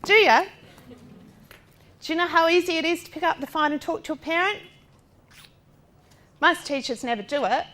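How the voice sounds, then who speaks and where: A woman's voice: very high voice, moderate pace, long pauses. A middle-aged woman gives a lecture talk as a parent of a child with a disability. She speaks directly, asks rhetorical questions and acts out what other people said. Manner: animated, acting out other people's lines. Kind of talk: lecture talk drawn from personal experience.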